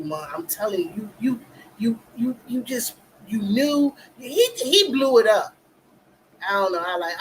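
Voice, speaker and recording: A woman's voice: mid-range voice, a bit bright, a little hiss or hum, poor audio. A middle-aged woman hosting a casual live stream, chatty, greeting viewers by name and telling her own story. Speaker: livestream talk show host.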